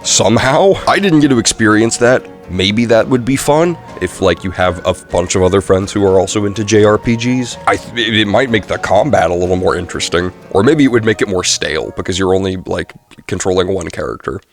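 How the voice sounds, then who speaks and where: A young man with a fairly low-pitched, brisk voice casually reviews a video game, rambling with lots of fillers and self-corrections. Faint background music plays underneath.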